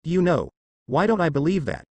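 A man plays a sharp younger brother with a sarcastic edge. His pitch moves freely. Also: big pitch swings, moderate pace, dry recording.

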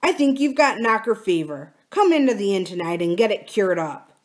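A short-tempered, practical farmer who speaks bluntly and impatiently, voiced by a woman reading aloud. His lines come out a bit louder than the narration around them. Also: medium pitch, expressive, normal speed, pitched above the performer's own voice, natural voice. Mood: gruff.

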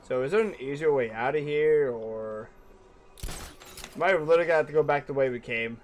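A young man streaming a video game, chatting casually, swearing and yelling back at what happens on screen. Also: fairly high pitch, a little fast. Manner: excitable, profane, talks back to the game. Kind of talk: casual gaming commentary.

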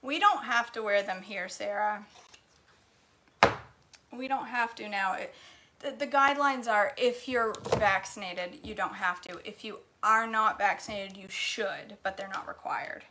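The recording has a little hiss or hum. A middle-aged woman with a mid-range, sharp-toned voice speaks a little slowly as she cooks in her kitchen for her vlog, reading comments, telling stories and laughing often.

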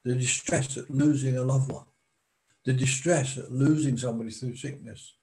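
A male preacher delivering a sermon with a mellow, warm tone. He speaks slowly and deliberately, leaning on pauses to let each phrase land. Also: mid-range voice, steady tone, rough recording.

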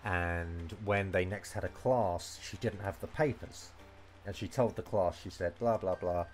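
A man's voice: deep voice, unhurried, faint music behind. A man teaching Japanese vocabulary and grammar in a casual, rambling way, full of fillers and restarts. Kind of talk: casual game-based language lesson.

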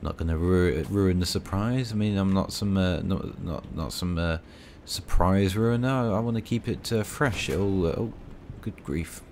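Deep-voiced man rambling over gameplay. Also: a little slow, hardly any pauses, darkish tone, a little hiss or hum. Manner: rambling, self-mocking, dry asides. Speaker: gaming video creator.

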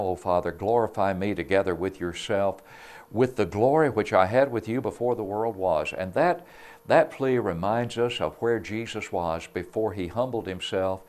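A man giving a devotional Bible lesson on a religious TV program, speaking in an earnest, measured way. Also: low-pitched, clean tone. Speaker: preacher. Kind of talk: devotional sermon.

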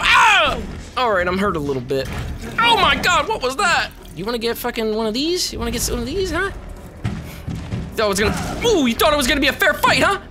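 A man giving loud, profane let's play commentary, reacting to the game with excited yelling. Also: very high voice. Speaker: gaming YouTuber. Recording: game music behind voice.

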